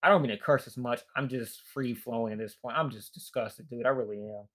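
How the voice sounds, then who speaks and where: A tired young adult man vents in a loose, profane rant, sighing and trailing off between bursts of frustration. His fairly quick, middle-pitched voice has a fairly bright tone but sounds fatigued and worn down.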